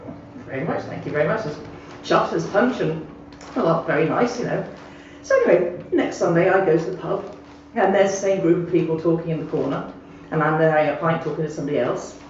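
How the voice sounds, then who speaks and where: A woman's voice: low-pitched, a little fast, a little hiss or hum. Chatty woman recounting an anecdote, muffled and distant in a very echoey room. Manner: chatty, animated, laughing at her own story. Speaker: storyteller sending a voice message. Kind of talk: casual spoken anecdote. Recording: echoey, muffled playback heard from afar.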